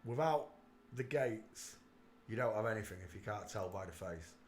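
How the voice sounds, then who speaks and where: A man hosting a casual livestream, talking emphatically and swinging between quiet muttering and loud outbursts. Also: lowish voice, moderate pace, roomy sound, slight background noise. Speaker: livestream host.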